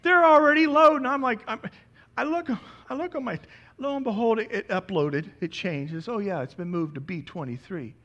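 A man in his forties, a pastor preaching a sermon, telling a lively personal story and acting out the dialogue. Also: high voice, normal speed, dull audio.

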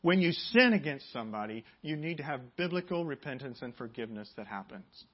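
A man preaching a sermon as pastor, building to loud, emphatic passages and dropping to quiet prayer. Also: big pitch swings, fairly quick, husky, lo-fi sound. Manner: emphatic preaching, rising loud and high on key points.

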